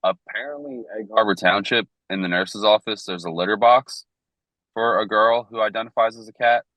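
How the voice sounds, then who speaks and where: A man's voice: fairly low pitch, moderate pace, bright, forceful tone, dry recording, poor audio. A man co-hosting a casual podcast, telling stories in a loose, profane way. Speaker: podcast co-host.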